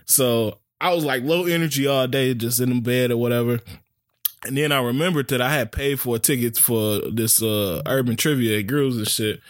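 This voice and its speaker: A man co-hosting a podcast, telling stories in relaxed slang-heavy casual chat. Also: mid-range voice, moderate pace, no room sound, studio quality. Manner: laid-back slang-heavy storytelling. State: recovering from being sick. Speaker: podcast co-host.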